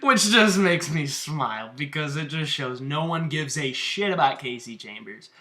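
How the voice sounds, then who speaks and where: A man's voice: on the high side, animated, moderate pace, bright, forceful tone. A man who wrestles, giving a profane, combative rant in a vlog about online feuds. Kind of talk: ranting vlog commentary.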